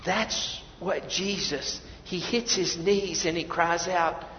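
A high-pitched male pastor preaches slowly in a big echoing hall, and the recording sounds dull and lo-fi. He drops to near whispers, then climbs to loud, emphatic lines, often repeating himself as he restarts. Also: a little hiss or hum. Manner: preaching with swings from soft, hushed lines to loud emphatic ones. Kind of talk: sermon.

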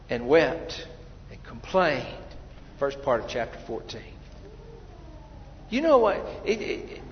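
A man preaching a sermon as pastor, animated, swinging between loud urging and hushed asides. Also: high voice. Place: church sanctuary. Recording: dull, reverberant church hall.

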